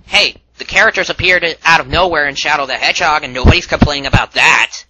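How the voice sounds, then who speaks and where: A man's voice: on the high side, quick pace, music in the background, low-quality recording. A man doing a rebuttal commentary on a game review, exasperated and lecturing.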